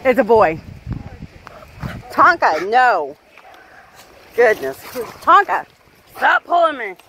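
A woman's voice: on the high side, very animated, poor audio. A woman, a vlogger coaxing her dog and laughing often, recorded outdoors by a waterfall on a handheld camera. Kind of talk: casual vlog chatter. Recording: loud rushing water noise.

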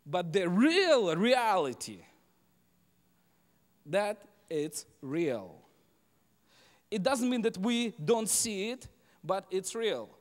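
Pastor guy preaching slow with non-native english, repeats lines, asks "right?" a lot, lively pitch. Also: in a large hall. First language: Russian. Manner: emphatic, repeats key phrases, asks the congregation "right?". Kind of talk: sermon. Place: church sanctuary.

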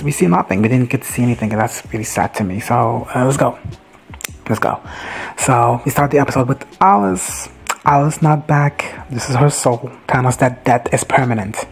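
A man recapping TV episodes in a gushing, excitable way, swearing casually and laughing often. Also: medium pitch, a little hiss or hum. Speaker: recap vlogger.

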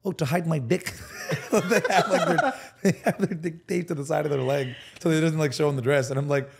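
A young man in his twenties talks quickly in a husky voice. He is a podcast guest who keeps joking and teasing through loose, casual chat. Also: fairly high pitch. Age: 20s. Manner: playful, teasing, quick to joke.

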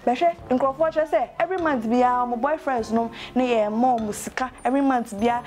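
A woman's voice: on the high side, fairly quick, a little mellow, faint music behind, close to an everyday voice. Woman playing a chatty Ghanaian young woman. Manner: chatty, gossipy, mixing English with pidgin and local words. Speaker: web series actor. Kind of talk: comic monologue in a web series skit.

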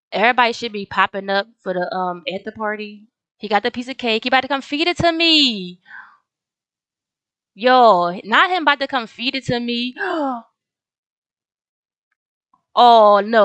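A woman's voice: on the high side, a bit bright, smooth, no echo. A young woman casually commenting on her game as she plays, chatty and slangy, often talking straight to her viewers. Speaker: gaming video host.

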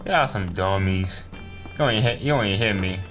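A man casually commenting on his gameplay as a streamer, slangy and quick to react out loud. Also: deep voice. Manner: slangy, reacts loudly to the game. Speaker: gaming streamer. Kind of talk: casual let's-play commentary. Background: game music.

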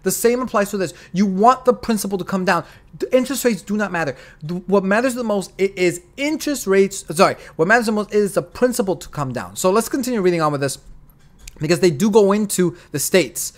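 A man hosting a casual finance podcast, talking in an animated, emphatic way and often repeating his phrases. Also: high-pitched, fairly quick. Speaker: show host.

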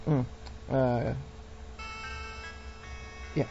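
Brief: young female let's-player, slow and mellow, lively pitch, lo-fi with faint music. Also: gravelly. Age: young adult. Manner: giggly, chatty, reads on-screen text aloud. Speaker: let's play gamer. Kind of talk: casual game commentary. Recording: dull lo-fi recording with faint game music.

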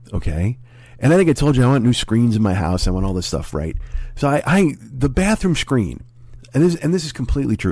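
Middle-aged male comic host, rapid rambling profane delivery, warm low timbre. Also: dry recording, studio quality. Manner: rambling, profane, storytelling with asides. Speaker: comedian podcast host. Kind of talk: casual comedic monologue.

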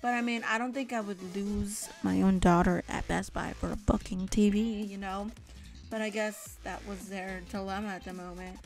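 A woman's voice: mid-range voice, fairly even intonation, moderate pace, soft background music. A young woman telling a casual story from her childhood, rambling with lots of fillers and frequent swearing. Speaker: storytime vlogger.

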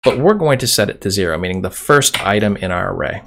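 A man with a low, gravelly voice walks through code in a relaxed, chatty way, thinking aloud as he types. A faint hiss sits under the recording, with keyboard clacks and mouse clicks behind him. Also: fast. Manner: casual, chatty explaining while typing. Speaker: programming tutorial host. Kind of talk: screen-recorded coding tutorial. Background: keyboard typing and mouse clicks.

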